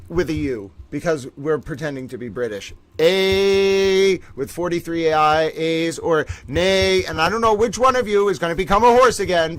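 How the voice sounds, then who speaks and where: A man hosting a livestream, giving animated, theatrical commentary on court trials and talking straight to his viewers. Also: on the high side, no echo. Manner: animated, theatrical, keeps saying "ladies and gentlemen".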